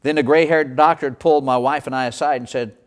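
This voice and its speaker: A man's voice: mid-range voice, steady tone, fast. A man preaching, telling a dramatic first-person story as a sermon illustration. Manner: dramatic storytelling, voicing the characters.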